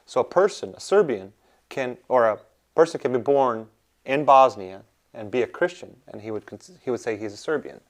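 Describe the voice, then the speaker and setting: Calm, agreeable male interview guest. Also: medium pitch, moderate pace. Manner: agreeable, explains calmly. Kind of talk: casual interview chat.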